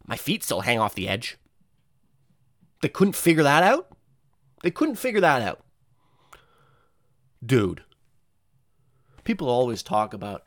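A young man rambles through a profane comedic monologue, his pitch swinging widely from low mutters to sudden high squeaks. The sound is dry and close, with no room around it. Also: a little slow, pauses often, no room sound. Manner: rambling, profane, animated, jumps into high-pitched voices for quoted people.

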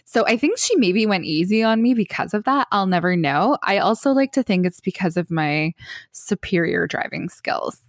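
Woman on a podcast spinning a funny story, laughing a lot, voice pitched mid, dry close sound. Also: normal speed, dry recording. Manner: animated storyteller who acts out quotes and laughs often. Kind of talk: casual chat, storytelling.

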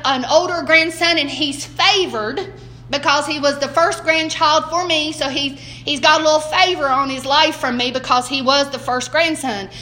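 An older woman with a Southern American drawl teaches a Bible lesson in a high, bright voice. She talks in a homespun, chatty way and keeps putting questions to her listeners. The delivery is warm-hearted and conversational rather than preachy. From Southern United States. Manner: homespun, asks the listeners many rhetorical questions. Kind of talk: folksy morning Bible lesson.

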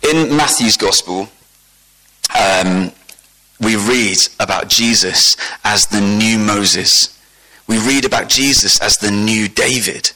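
Bright-voiced man preaching a lively sermon. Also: slow, low-quality recording. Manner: animated, rises in pitch and volume for emphasis, asks the congregation questions.

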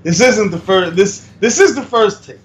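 A man's voice: sits high, animated, moderate pace. A man co-hosting a casual podcast, easygoing and rambling as he tells stories. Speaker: podcast co-host.

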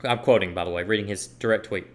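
A young man with a lowish voice talks at a quick pace, delivering an opinionated political monologue as a commentator. He reads posts aloud and hammers his points by repeating phrases for emphasis.

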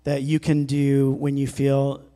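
A middle-aged man preaching a sermon as pastor, fervent and emphatic, swelling louder on scripture and exhortations. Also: medium pitch, completely flat delivery, measured pace.

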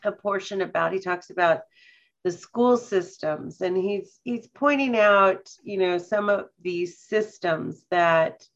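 A woman co-hosting a podcast in casual chat, talking slowly and thoughtfully and reading passages aloud with care. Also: fairly low pitch, fairly bright tone, highs cut off. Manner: slow, thoughtful, reads passages aloud carefully. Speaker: podcast co-host.

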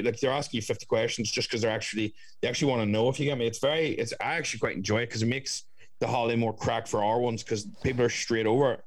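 Fast-talking young man. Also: mid-range voice, steady tone, dry recording. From Ireland. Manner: storytelling, swearing, doing voices of others. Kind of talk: casual chat.

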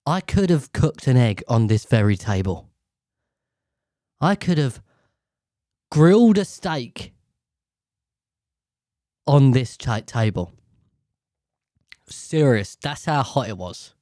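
A man's voice: medium pitch, animated, slow, long pauses, warm tone, no room sound, studio quality. A man hosting a podcast alone, rambling casually with lots of swearing, slang and jokes while he sits sweating in a hot little room. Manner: profane, joking, slangy. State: sweaty and overheated. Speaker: podcast host. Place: small hot room indoors.

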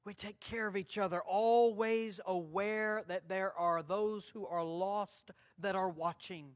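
A man's voice: high voice, fairly even intonation, slow. A man preaching a sermon in an earnest way, repeating key phrases for emphasis.

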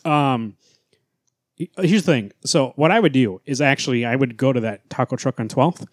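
A man's voice: medium pitch, moderate pace, dry recording, studio quality. A man co-hosting a casual podcast chat, talking bluntly and emphatically with plenty of swearing. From Central or South America family roots. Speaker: podcast co-host.

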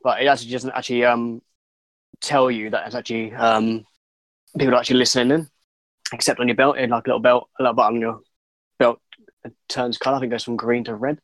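A man's voice: medium pitch, little pitch movement, quick pace, pauses often, fairly bright tone, no room sound, rough recording. A man in casual podcast chat, talking hesitantly with many fillers while telling work stories.

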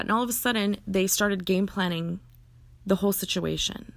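A woman's voice: medium pitch, moderate pace, gravelly, no room sound. A woman earnestly telling a personal story, acting out the dialogue and often restarting her sentences. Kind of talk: personal story told in conversation.

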